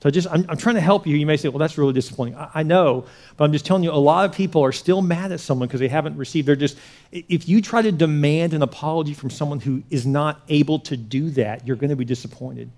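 A pastor preaches a sermon in a conversational way, repeating words as he shifts between quiet asides and animated retellings. His voice is fairly high and he speaks fast.

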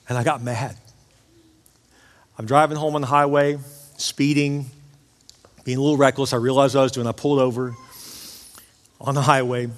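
A man who is a pastor, preaching a sermon and telling a personal story with rising emotional intensity. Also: mid-range voice. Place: church auditorium. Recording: long hall reverb of a church.

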